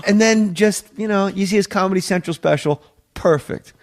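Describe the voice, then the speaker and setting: A man in a casual podcast chat, telling animated, swearing anecdotes about his days as a sketch comedy writer and acting out the quotes. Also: high voice, moderate pace.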